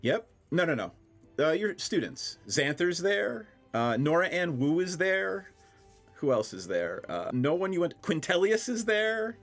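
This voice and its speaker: Man, game master, relaxed narration, lively pitch. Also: a little slow, soft background music.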